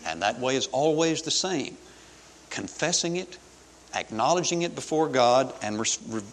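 A man preaching a sermon in an earnest, measured way, with pauses between phrases. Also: mid-range voice. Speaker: pastor. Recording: long hall reverb.

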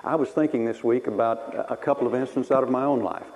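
A man's voice: mid-range voice, fairly even intonation, fast, a little mellow, lo-fi sound. A man from Texas preaching a sermon through personal stories, wry and self-mocking, laughing at himself as he tells them.

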